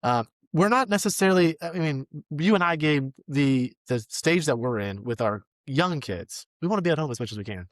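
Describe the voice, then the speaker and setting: A man hosting a podcast interview, talking reflectively with frequent ums and pauses. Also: on the high side, lively intonation, dry recording, studio quality. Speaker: podcast host. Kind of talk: casual interview.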